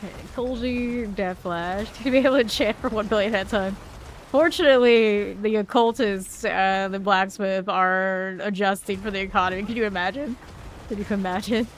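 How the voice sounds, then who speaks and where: Her medium-pitched voice stays fairly even at a moderate pace as she streams gameplay and chats casually with viewers. She often laughs and reads out their messages, with faint noise in the background.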